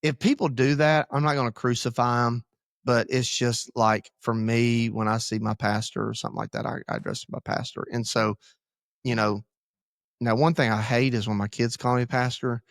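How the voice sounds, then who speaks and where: A man's voice: medium pitch, level tone, normal speed, no echo, clean studio sound. A man, a pastor, talking candidly in a casual podcast conversation, rambling and joking about himself. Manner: candid, rambling, self-deprecating. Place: church podcast room.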